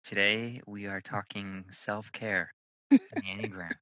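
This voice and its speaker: A man's voice: on the low side, steady tone, a little slow, sharp tone, dry recording, low-quality recording. A male podcast host chatting casually and jokingly, rambling with fillers.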